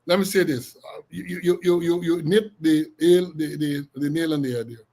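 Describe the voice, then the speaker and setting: A man's voice: on the high side, fairly even intonation, moderate pace, darkish tone. A man from Guyana with a Guyanese accent, hosting a talk show and speaking critically and repetitively about government matters. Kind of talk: political talk show commentary.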